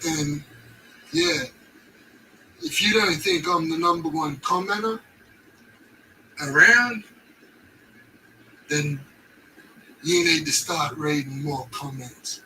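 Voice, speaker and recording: Aussie dude putting on a squeaky sweary rambling commenter guy, sounds kinda far off with faint hiss. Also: slow pace, pauses often, sharp tone, exaggerated voice. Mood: mock rant. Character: rambling, rude, muddled man commenter.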